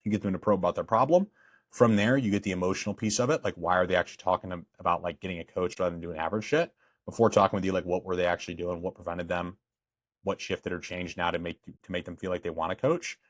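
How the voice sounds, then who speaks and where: A man's voice: low voice, quick pace, no echo, studio quality. A young man teaching a fitness coaching sales course, blunt and emphatic with frequent swearing. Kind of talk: course lecture.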